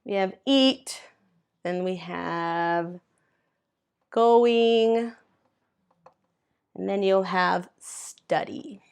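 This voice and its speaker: A woman gives a slow classroom grammar explanation, patiently spelling out letters and sounds one at a time for English learners. Her medium-pitched voice is smooth with vocal fry. She draws out her words and pauses often.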